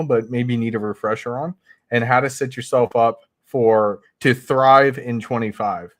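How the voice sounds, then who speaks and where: A man's voice: on the low side, no echo. A man co-hosting a talk show, plugging his community in an upbeat way with frequent fillers. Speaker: co-host, men's community leader. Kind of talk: casual promo plug.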